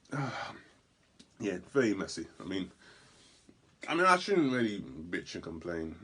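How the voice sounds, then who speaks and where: A man performs a stand-up routine on a comedy club stage. His voice sits fairly low with a husky edge. He tells his story in animated bursts, breaking into loud outbursts and tripping over quick restarts. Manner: stammering restarts.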